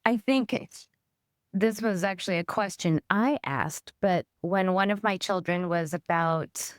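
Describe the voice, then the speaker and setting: Woman, smooth clear voice, a bit low, playful, dry sound. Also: measured pace, no room sound. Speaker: child psychiatrist, guest. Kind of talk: casual anecdote.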